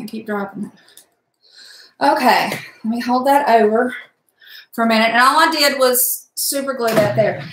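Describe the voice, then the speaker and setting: A middle-aged woman with a drawl, chatty and blunt, talking through a craft project as she works. Her voice sits a little high. The sound is echoey, as if she were in a bare room at home. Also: fairly bright tone, a little hiss or hum. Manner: chatty, blunt, mild cursing, talks while working. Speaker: crafting vlogger. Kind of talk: casual crafting livestream chat.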